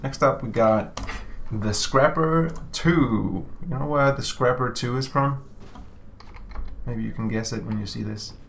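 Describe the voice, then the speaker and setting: A man co-hosting a game developer stream, chatting casually and joking, with halting restarts. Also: medium pitch, vocal fry, fairly bright tone, slight background noise. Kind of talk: casual chat while playing.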